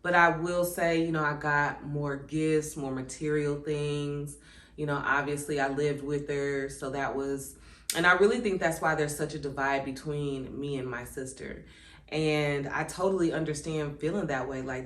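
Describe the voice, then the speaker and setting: A woman's voice: low-pitched, normal speed, a bit bright. Woman, casual vlog talk, reflective, reads passages aloud, echoey room. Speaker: channel host.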